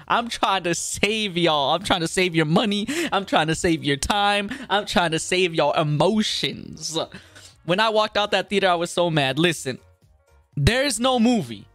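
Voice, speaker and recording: A video creator in a comedic rant vlog, talking with exaggerated indignation. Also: male voice, high voice, fairly bright tone, no room sound.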